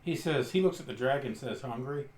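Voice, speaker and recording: A man's voice: mid-range voice, expressive, quick pace, darkish tone. A man narrating his character's actions and words in a tabletop role-playing game. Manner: storytelling, quotes his character's lines. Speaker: tabletop player. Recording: echoey room with faint noise.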